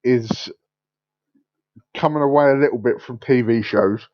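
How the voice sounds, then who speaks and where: A man co-hosting a podcast, slowly building up his pun jokes and chuckling at them. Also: medium pitch, no room sound. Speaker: podcast co-host. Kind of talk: casual banter. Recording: dull, dry lo-fi mic.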